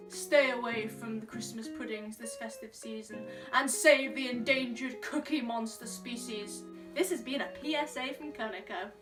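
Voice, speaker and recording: A young woman from Scotland with a high voice answers comments with sassy, playful comebacks in a casual vlog. She sits a little back from the mic, and clear background music plays under her. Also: recorded from a distance. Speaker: YouTuber reading comments.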